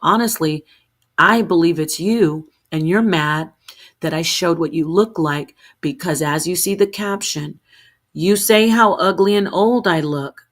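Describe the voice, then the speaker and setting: A woman with a somewhat low voice delivers an unscripted livestream rant to her viewers. She sounds heated and defensive, rambling from point to point and restarting her sentences as she goes. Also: measured pace. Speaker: streamer.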